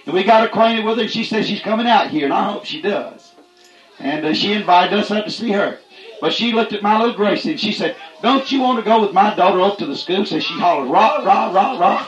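A high-pitched man preaching a fiery country sermon. He talks in a plain folksy way, keeps coming back to the same affirmations and climbs to shouts when he drives a point home. The room rings with echo around him. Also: expressive, fast, highs cut off. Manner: folksy, repeats "that's right", rises to shouts.

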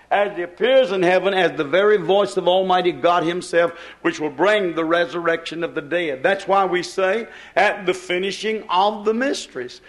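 A man with a notably high voice delivers a sermon. He preaches emphatically, circling back to his points and posing rhetorical questions to the congregation.

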